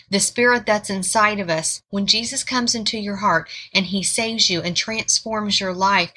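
A woman's voice: mid-range voice, pushed and bright, breathy edge. A woman giving an informal sermon, earnest and repeating words for emphasis. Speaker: Bible teacher.

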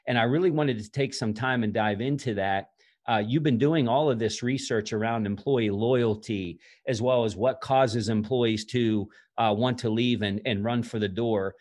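A man hosting a podcast interview, an executive coach, speaking in a measured way with many fillers. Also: mid-range voice, a little mellow. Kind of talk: interview host introduction.

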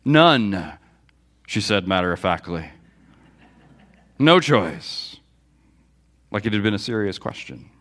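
A man's voice: lowish voice, animated, unhurried, long pauses, a bit bright. A man pastor preaching a sermon, telling a personal story and a Bible story, quoting dialogue with feeling. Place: church sanctuary.

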